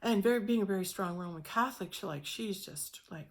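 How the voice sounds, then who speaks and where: A middle-aged woman telling a personal spiritual story in an earnest, halting way, often repeating words as she goes. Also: medium pitch. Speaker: spiritual teacher sharing a testimony.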